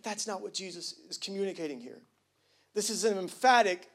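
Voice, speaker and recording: A male pastor preaching a sermon with casual slang, swinging from hushed to loud and emphatic. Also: high-pitched, a little fast, slightly rough. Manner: casual slang, jokes with the congregation.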